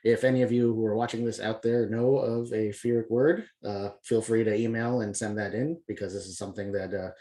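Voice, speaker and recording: A man's voice: lowish voice, a little fast, hardly any pauses. A man teaching poetic meter in a casual video lesson, talking loosely with lots of filler words. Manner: relaxed, many filler words, loose and unscripted. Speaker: poetry press publisher teaching poetic meter.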